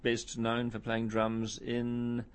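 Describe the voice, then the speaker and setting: A man's voice: mid-range voice, completely flat delivery, takes it slowly, clear, resonant tone. A middle-aged man, a musician guest in an interview, rambling through stories with many fillers and a self-deprecating tone. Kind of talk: casual interview chat.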